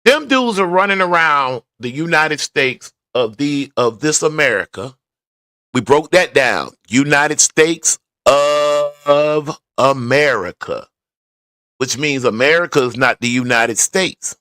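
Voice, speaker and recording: A man's voice: fairly high pitch, lively intonation, slow, bright, forceful tone, clear, resonant tone, no echo, studio quality. A man talking casually to his viewers, rambling through his thoughts. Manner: conversational, rambling, talks to viewers. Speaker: vlogger. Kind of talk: casual commentary while driving to work. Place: garage.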